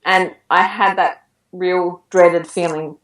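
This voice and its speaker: A woman's voice: on the low side, steady tone, takes it slowly, recorded from a distance. A woman in her thirties, a podcast guest, telling a personal story in a chatty way and laughing now and then. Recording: roomy echo, set back from the mic.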